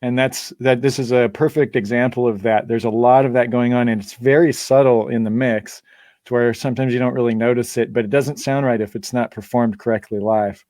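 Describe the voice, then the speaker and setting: A man's voice: mid-range voice, fairly even intonation, fairly quick, a little mellow, no echo, studio quality. Rambling, laughing band-leader man. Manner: rambling, laughs often, many fillers. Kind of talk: casual live-stream chat.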